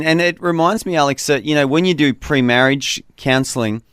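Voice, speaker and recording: A man's voice: fairly high pitch, clear, resonant tone, dry recording. Male radio host, dry studio voice. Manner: warm conversational storyteller, slows to repeat phone number. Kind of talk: call-in radio talk.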